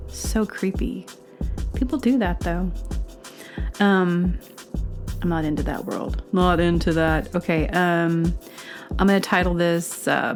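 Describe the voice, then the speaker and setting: A woman hosting a podcast, talking alone in a rambling, chatty way and jumping into a high, squeaky voice when she quotes others. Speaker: podcast host. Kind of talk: casual solo monologue.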